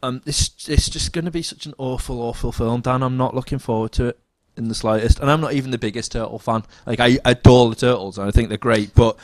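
A young man chatting casually about films as a podcast co-host, animated and sweary, with trailing restarts. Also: mid-range voice, quick pace, few pauses. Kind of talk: casual film chat.

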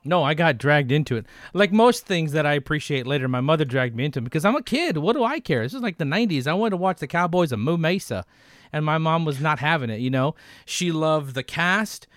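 A man in his thirties co-hosting a casual podcast, animated and jokey, trading movie quotes and impressions. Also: on the high side, brisk, no room sound, clean studio sound. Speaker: podcast co-host.

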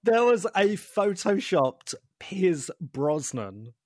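A man co-hosting a casual chat, animated and calling his friend "mate" a lot. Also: sits high, slow pace, dry recording, studio quality. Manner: animated, says "mate" often, many restarts. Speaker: podcast co-host.

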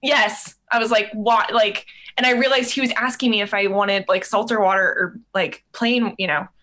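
A woman's voice: medium pitch, brisk. A young woman hosting a podcast, chatting casually and telling stories with lots of fillers. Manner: animated storytelling, many fillers. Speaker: podcast host. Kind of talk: casual chat.

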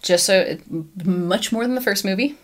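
A woman's voice: medium pitch, normal speed. A woman co-hosting a casual film podcast, speaking in a dry, wry way with casual swearing. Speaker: podcast co-host.

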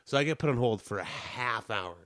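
A man telling a long story in casual chat, rambling with many restarts and getting loud and riled as he retells it. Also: medium pitch, animated, fairly quick.

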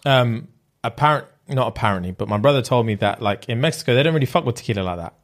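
A man's voice: medium pitch, expressive, fast talker. A young man, co-hosting a podcast in casual chat and telling a story loosely with slang and fillers. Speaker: podcast co-host.

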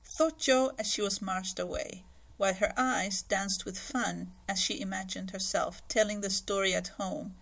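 A woman narrates a classic novel aloud in steady, clear storytelling. Her voice sits at a middling pitch with a gravelly edge. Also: unhurried. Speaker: audiobook reader. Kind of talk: scripted narration.

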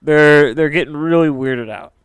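Podcast host, male, chatty narrator with a resonant voice in a dead-quiet room. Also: on the high side, normal speed, clean tone, dry recording. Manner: chatty, lots of filler "like". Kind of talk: casual storytelling.

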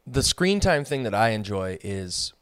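A man's voice: lowish voice, sing-song, slow pace, a bit bright, clean tone, no echo, studio quality. A young man co-hosting a podcast, chatting casually and thinking aloud with lots of fillers. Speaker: podcast co-host. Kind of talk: casual chat.

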